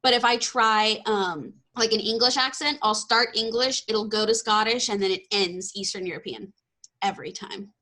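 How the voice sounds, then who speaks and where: Bright, bubbly woman in her twenties. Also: medium pitch, normal speed. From Texas. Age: 20s. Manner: bubbly, laughs often, self-deprecating. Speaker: podcast host. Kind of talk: casual interview chat.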